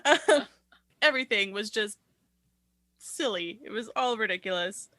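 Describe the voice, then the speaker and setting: A woman's voice: medium pitch, animated, a little slow, bright, forceful tone, no echo, clean studio sound. A woman co-hosting a movie podcast, rambling through her points with lots of fillers and giggles. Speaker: podcast co-host. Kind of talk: casual movie-review chat.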